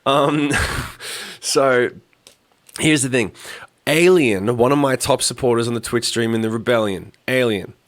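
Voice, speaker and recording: Pausing often and speaking unhurriedly in a mid-range voice, this man hosts a podcast full of casual chat. His storytelling rambles, swears and stays animated. The recording is dry.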